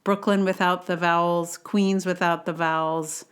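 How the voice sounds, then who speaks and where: Woman podcast host from New York, slow and unhurried, lowish voice, rambling chatty monologue. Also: level tone, clean tone. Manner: rambling, chatty, self-deprecating asides.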